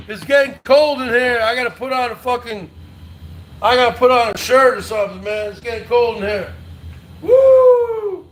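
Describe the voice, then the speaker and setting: A New Jersey man hosting a rowdy livestream. His voice sits very high and bright, and he drags his words slowly as he taunts and swears. He keeps repeating the same jabs and breaks in with whooping shouts. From North Jersey. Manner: loud, combative, profane, repetitive taunting. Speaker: livestream host. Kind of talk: rowdy livestream rant to chat.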